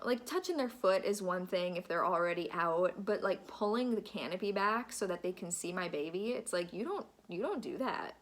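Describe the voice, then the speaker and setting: A woman in her twenties from Minnesota with a Minnesota accent. She chats casually to the camera as a new mom, rambling with lots of fillers and asides. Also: mid-range voice.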